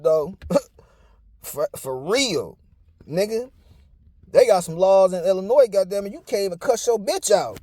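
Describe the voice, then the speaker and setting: Blunt, profane man with a high voice. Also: mellow, no echo, studio quality. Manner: blunt, profane, preachy street talk. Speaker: commentator. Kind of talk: casual monologue.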